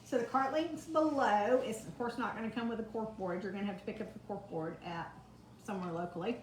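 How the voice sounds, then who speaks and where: A woman's voice: medium pitch, a little fast, a little hiss or hum. A woman chatting through a live craft demonstration, greeting viewers by name from her home kitchen. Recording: echoey kitchen, faint ambience.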